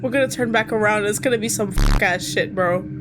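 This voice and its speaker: A woman streamer reading a visual novel aloud. She switches between calm narration and loud, laughing, cursing reactions. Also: medium pitch, a little fast, background noise. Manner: expressive, jumps from calm reading to squealing and laughing; casual and cursing in asides. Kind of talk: reading game text aloud with live reactions.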